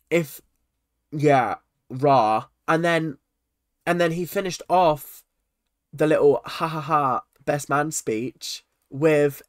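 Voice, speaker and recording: A man's voice: on the high side, takes it slowly, dry recording. Young male vlogger, exasperated ranting commentary, dry close sound. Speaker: reaction vlogger. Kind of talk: casual commentary on a reality show.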